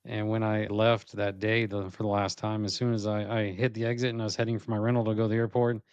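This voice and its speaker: A man co-hosting a spiritual podcast in relaxed conversation. His voice is fairly low and recorded dry and close, with no room sound. He jokes around and chuckles often. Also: fast, clean tone, dry recording, dull audio. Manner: joking, laid-back, chuckles often. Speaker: podcast co-host. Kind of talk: casual spiritual podcast chat.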